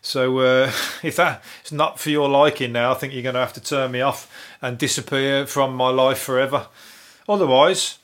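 A man with a broad Brummie accent talks alone into his new podcast microphone. He rambles from topic to topic, swearing freely and chuckling at his own crude jokes. His voice sits at an ordinary middle pitch. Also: fairly even intonation, moderate pace, fairly bright tone, clean tone. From Birmingham, England. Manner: swearing, chatty, laughing asides. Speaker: solo podcast host.

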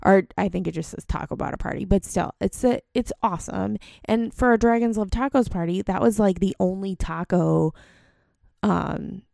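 A young woman with a gravelly, creaky voice, recorded close and dry with no room sound. She tells a personal story in a loose, rambling way. She is candid and laughs at her own faults as a mom. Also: medium pitch, normal speed, mellow, dry recording. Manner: rambling, candid, self-deprecating. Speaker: mom vlogger.

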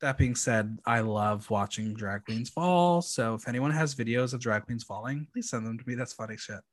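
At a moderate pace and in a mid-range voice, a young man runs a podcast recapping a reality show. It's casual chat, campy and chatty, with ums scattered throughout.

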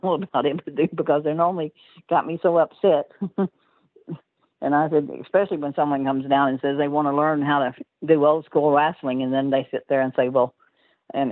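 A woman's voice: low voice, no echo. An older woman telling stories as an interview guest, rambling and laughing often mid-sentence, heard over a tinny phone line.

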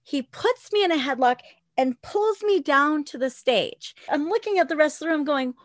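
Loud woman in her 40s telling a story, high voice, lots of laughing, dry close mic. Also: animated, normal speed, dry recording. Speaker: guest, former dancer with a podcast. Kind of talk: storytelling interview.

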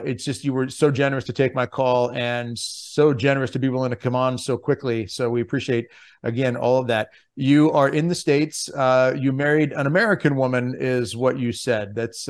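A man's voice: mid-range voice, clear, resonant tone. A man hosting a podcast who talks in an earnest, enthusiastic way with many restarts. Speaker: podcast host.

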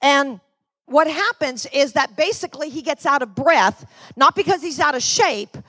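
A woman's voice: high-pitched, animated, moderate pace, bright, forceful tone, no echo. A middle-aged woman from Florida preaching a sermon to her church with energy, calling out to the congregation. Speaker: pastor.

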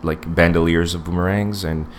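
A low-pitched man in his forties talking through a casual podcast review, wandering from point to point with lots of ums and restarts. A faint hiss sits under the recording. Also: fairly even intonation, normal speed. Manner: rambling, digressive, many fillers and restarts. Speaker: podcast co-host.

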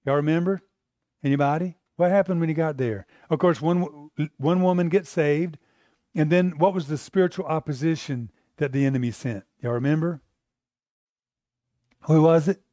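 Mellow-voiced American man teaching scripture. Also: on the high side, moderate pace, no echo, clean studio sound. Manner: asks the room questions, animated, repeats himself. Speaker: preacher teaching a Bible class. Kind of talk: conversational Bible teaching.

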